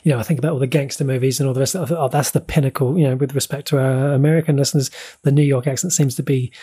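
Husky man talking movies thoughtfully. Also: medium pitch, fairly even intonation, warm tone. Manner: measured, reflective, some hesitations. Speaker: podcast co-host. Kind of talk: casual film discussion.

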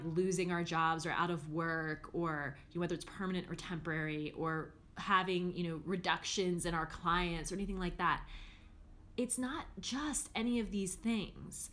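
A young adult woman hosting a podcast as a life coach, talking casually and frankly with frequent fillers and the odd swear word. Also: mid-range voice.

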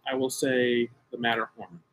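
Middle-aged american guy co-hosting a podcast, mid-pitch voice, big emphatic storytelling, pokes fun at himself. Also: normal speed. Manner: animated storyteller, emphatic and self-mocking. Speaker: podcast co-host. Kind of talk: casual chat.

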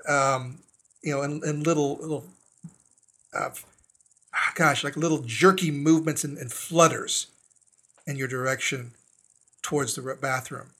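A man running a tabletop horror game as game master, describing scenes in a halting way with frequent restarts. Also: medium pitch, a bit bright. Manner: hesitant, with many fillers and restarts.

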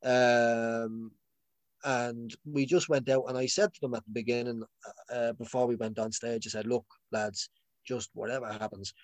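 A man's voice: medium pitch, level tone, normal speed, no echo. A young man chatting casually, rambling with lots of restarts and laughs. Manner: rambling, many restarts and fillers; laughs often. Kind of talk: casual chat.

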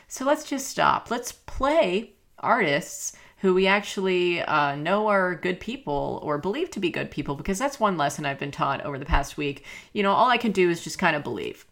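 A woman's voice: fairly low pitch, fairly bright tone. A woman hosting a podcast, talking candidly and casually, with filler words and swearing. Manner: candid, chatty, swears freely. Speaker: podcast host. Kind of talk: casual monologue.

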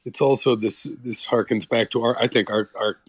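A middle-aged actor from New Jersey, talking reflectively in a casual interview with many restarts. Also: male voice, mid-range voice, steady tone, moderate pace, dry recording, poor audio. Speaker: actor, guest.

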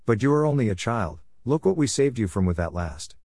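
A man's voice: medium pitch, very animated, brisk, dry recording, clean studio sound. A man voicing a stern, disapproving middle-aged mother who speaks with scorn in a read-aloud story. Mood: scornful. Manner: scornful, sharp-tongued. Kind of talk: storybook character voice.

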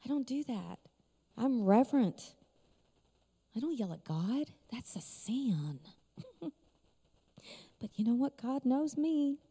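This middle-aged woman, a conference speaker, delivers an emotional personal testimony in a large conference hall, laughing frequently as she tells her story. Her voice sits on the high side, husky and dark, very animated yet slow, with long pauses. Long hall reverb hangs on her words.

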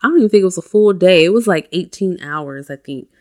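A woman's voice: fairly low pitch, animated, quick pace, a little mellow. A woman and mother hosting a self-help podcast, talking casually and chatting with lots of "you know" and "like". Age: adult with a child. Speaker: podcast host.

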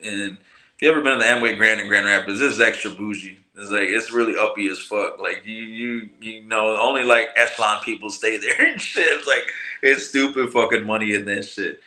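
Man, lowish voice, sharp bright tone, slangy and profane, echoey room. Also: a little fast. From Michigan, US. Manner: profane, slangy, animated retelling with quoted voices. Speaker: podcast guest, cannabis grower. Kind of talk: casual storytelling. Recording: roomy echo.

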